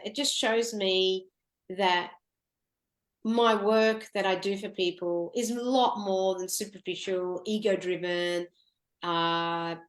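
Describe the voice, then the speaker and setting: A woman recounts a moving story as a radio show guest, her speech halting and full of restarts as emotion takes over. Her voice sits at a middle pitch and carries a roomy echo. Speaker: guest, photographer.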